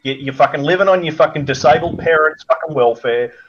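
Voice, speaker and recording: A man's voice: on the high side, brisk, fairly bright tone, muffled recording, a little hiss or hum. An Australian man ranting in a crude, mocking way, firing off insults as a guest on a chat show.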